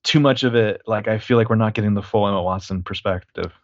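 A man co-hosting a casual film review chat, talking in a halting way full of fillers. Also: lowish voice, no room sound, highs cut off. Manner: conversational, halting, frequent fillers. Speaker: podcast co-host.

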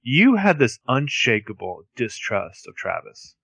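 A man's voice: mid-range voice, sing-song, unhurried, vocal fry, a bit bright, breathy edge, no echo, lo-fi sound. A man co-hosting a podcast, recapping a TV episode with wry, sarcastic asides. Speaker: podcast co-host. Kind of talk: casual TV recap chat.

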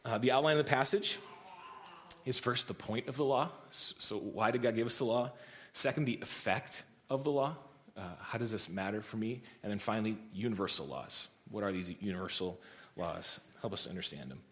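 A man's voice: lowish voice, fairly quick, fairly bright tone. A man in his thirties, a pastor giving a sermon, telling a story in a loose, conversational way with many fillers and restarts.

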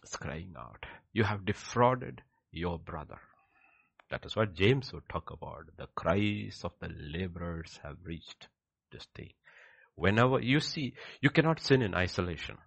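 A deep, gravelly male preacher delivering a sermon with a lively, rising-and-falling delivery. He drives his points home with rhetorical questions and swings between loud declarations and hushed asides, his voice husky and dry. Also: a little slow, no echo.

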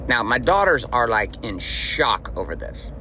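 Man in his 40s, podcast host, forceful bright voice, blunt, emphatic, profane, faint background noise. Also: mid-range voice, very animated, a little slow. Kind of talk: motivational podcast monologue.

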